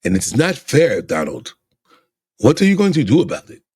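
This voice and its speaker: A man's voice: mid-range voice, wildly swooping pitch, normal speed, darkish tone, husky, no echo, studio quality, pitched above the performer's own voice. A man voicing a stern, insistent older Russian statesman with a put-on Russian accent.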